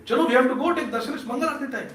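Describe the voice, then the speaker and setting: A man voicing a cheerful male senior devotee who asks slow, teasing questions in a raised voice. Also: extremely high pitch, fairly bright tone, voice pushed up. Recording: roomy hall, distant mic.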